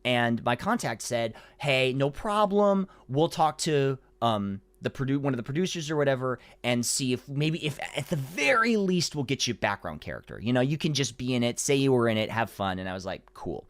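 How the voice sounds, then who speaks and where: Lively, rambling voice-actor guest. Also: male voice, medium pitch, brisk, few pauses, no echo. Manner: animated, rambling storytelling with many restarts. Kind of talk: casual podcast conversation.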